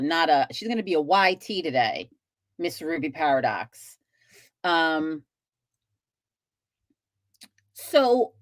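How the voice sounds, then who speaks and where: A woman's voice: fairly low pitch, fairly bright tone, dry recording, studio quality. A woman hosting a live stream, chatting casually with viewers, talkative and swearing freely as she rambles.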